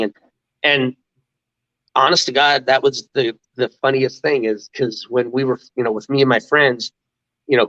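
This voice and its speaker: A man's voice: medium pitch, fairly bright tone, no echo, dull audio. A middle-aged man from the United States, a guest in an interview, telling casual stories with many restarts and laughs. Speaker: interview guest, former mascot. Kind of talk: casual storytelling.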